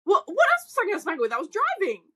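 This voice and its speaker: Rapid-fire and sharp, this young Australian woman's very high voice swoops wildly in pitch. As a podcast co-host in casual conversation, she meanders through her stories, leaning heavily on "like" and "um."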